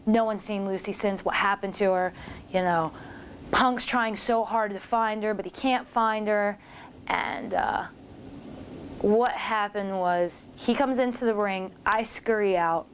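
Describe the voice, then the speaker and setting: A woman in her forties recounts old backstage stories in a relaxed, animated way, slipping into quick acted-out quotes from the people she describes. Her voice sits at a middle pitch, and a faint hiss of background noise runs under the recording. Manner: animated, acts out others' lines in quotes. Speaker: former wrestler recalling her career. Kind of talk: casual storytelling commentary.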